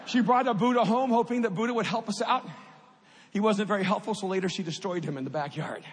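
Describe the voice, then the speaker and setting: A man's voice: high voice, fast talker, slight background noise. A middle-aged man giving a personal faith testimony in a storytelling way. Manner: storytelling, rising to impassioned at climaxes. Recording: long hall reverb.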